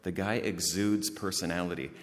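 A man preaching a sermon, telling a story in a lively way and praying in a hushed voice. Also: deep voice, normal speed. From outside the United States. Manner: lively anecdotal delivery, hushed in prayer. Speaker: pastor. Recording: long hall reverb.

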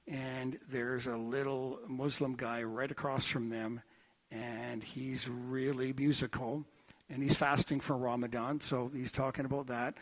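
A man preaching a sermon in a church, telling stories in an animated, joking way. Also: medium pitch, unhurried. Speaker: pastor. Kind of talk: sermon with anecdotes.

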